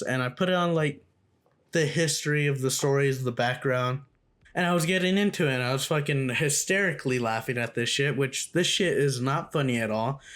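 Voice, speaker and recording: A man's voice: medium pitch, fairly bright tone. A young man telling a casual storytime vlog, slangy and swearing freely. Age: young adult. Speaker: storytime YouTuber.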